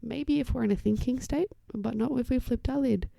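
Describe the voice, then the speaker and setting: A young adult woman hosting a solo podcast as an occupational therapist, chatty and reassuring, often dropping to a soft whisper as she explains parenting strategies. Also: fairly high pitch, normal speed, gravelly, no echo.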